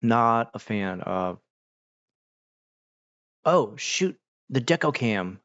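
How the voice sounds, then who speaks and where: A man hosting a casual livestream, talking to chat in a relaxed, rambling way with many fillers. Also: mid-range voice, very slow, dry recording. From United States. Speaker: livestream host. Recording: dull, dry mic sound.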